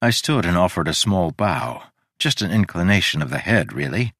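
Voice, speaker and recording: Low-voiced man narrating a story. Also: sing-song, a bit bright, husky, dry recording, clean studio sound. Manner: measured and descriptive.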